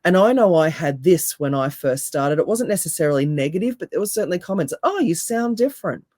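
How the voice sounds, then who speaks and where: A woman with a deep voice, a hypnotherapist and coach speaking as a podcast guest with calm, emphatic, repeated phrases. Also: fast talker, no echo, clean studio sound.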